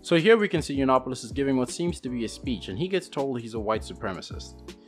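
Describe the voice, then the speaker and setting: A man's voice: mid-range voice, animated, fast. Man narrating over guitar music. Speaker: video narrator. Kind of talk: scripted narration.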